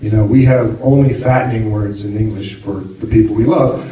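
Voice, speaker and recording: A man's voice: on the low side, fairly even intonation, normal speed, dark tone, dull audio, slight background noise. American man doing stand-up in an echoey club. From United States. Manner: chatty, self-mocking, laughs at his own lines. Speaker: stand-up comedian. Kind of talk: stand-up comedy set. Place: comedy club stage with a live audience. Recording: far-off echoey club with crowd. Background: audience laughter.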